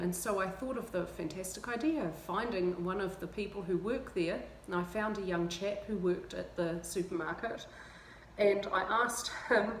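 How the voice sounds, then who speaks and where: A woman with a New Zealand accent talks casually to camera, chatty and self-mocking, laughing now and then. Her voice sits in a middle pitch range. The room is echoey, and a faint hum of ambient noise runs underneath. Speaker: vlogger.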